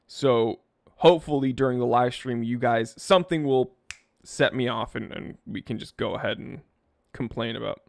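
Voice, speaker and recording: A man hosting a casual live stream, reading viewer comments aloud and joking about himself in a lively, self-deprecating way. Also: medium pitch, moderate pace, creaky, no room sound, clean studio sound. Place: home studio in California. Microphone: wearing headphones, close mic.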